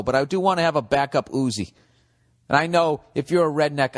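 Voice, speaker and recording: Man, 40s, from the US, podcast host, profane riffing monologue, middle pitch, long reverb. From United States.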